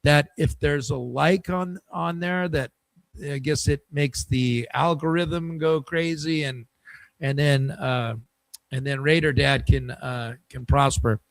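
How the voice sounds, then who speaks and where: A man's voice: on the high side, fairly even intonation, slow pace, gravelly, no room sound. A man hosting a casual football fan show, rambling and hesitant, asking viewers for likes. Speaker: football fan channel host.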